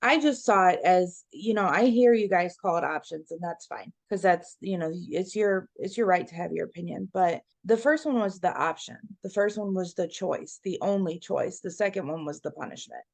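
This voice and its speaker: A woman's voice: lowish voice, normal speed, creaky, hardly any pauses, no room sound. A woman talking bluntly and with feeling in a casual podcast discussion, swearing freely. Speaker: podcast co-host.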